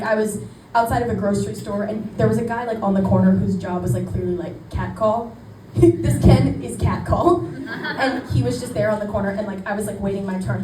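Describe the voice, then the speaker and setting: Young female stand-up, animated storyteller, echoey noisy room, mic a bit far. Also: medium pitch. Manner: chatty, self-deprecating, animated quoting. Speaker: stand-up comedian. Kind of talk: stand-up set. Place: small club stage. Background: audience laughter.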